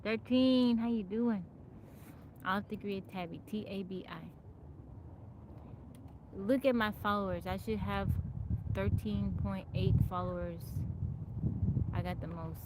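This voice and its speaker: A woman's voice: mid-range voice, steady tone, measured pace, long pauses, background noise. A woman hosting a casual live stream, chatting and greeting viewers by name from her home in the woods. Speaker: livestream host.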